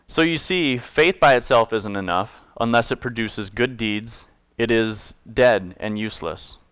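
In a casual sermon, a man reads scripture to his congregation and explains it with humor, pausing to correct himself. His mid-range voice is a bit bright, clear, and resonant in a dry recording.

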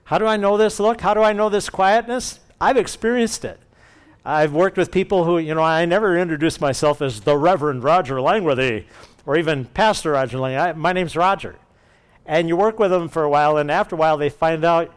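A male pastor preaching and reading scripture aloud, expressive and acting out quoted speech. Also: on the high side, fairly quick, clean tone. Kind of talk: sermon with Bible reading.

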